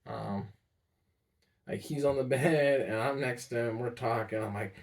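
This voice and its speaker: A young man telling a personal story in a subdued, halting way, trailing off often with many fillers. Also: gravelly. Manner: subdued and low-key. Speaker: vlogger. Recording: voice sounding distant from the mic.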